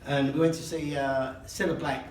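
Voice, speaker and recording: An older man gives a father-of-the-bride speech at a wedding reception, poking fun at himself and chuckling as he goes. His voice sits a little high for a man. He is heard from a distance in an echoey hall with noticeable room noise. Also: level tone, moderate pace, darkish tone. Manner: joking and self-mocking, laughing between lines.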